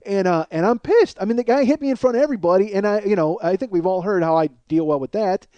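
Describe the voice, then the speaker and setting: Male podcast host, profane animated storyteller, mellow slightly high voice, dry sound. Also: fast talker, smooth, dry recording, lo-fi sound. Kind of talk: comedic storytelling monologue.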